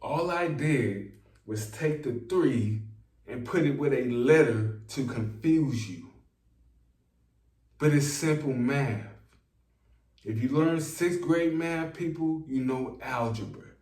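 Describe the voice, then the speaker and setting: A man talking to his viewers in a slow, preachy, rambling monologue, repeating lines for emphasis. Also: mid-range voice, a little mellow, recorded from a distance. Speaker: online self-help talker. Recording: echoey room, voice set back from the mic.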